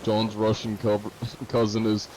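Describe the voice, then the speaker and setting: Mellow-voiced male streamer chatting casually. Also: lowish voice, completely flat delivery, moderate pace, a little hiss or hum, poor audio. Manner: reads and answers chat casually, swears. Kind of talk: casual live-stream chat.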